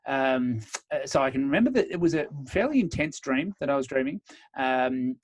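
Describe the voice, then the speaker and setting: A man's voice: medium pitch, expressive, moderate pace. A man hosting a podcast, asking questions and telling stories in a casual chat, with frequent ums. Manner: conversational, chatty storytelling, frequent ums. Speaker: podcast host.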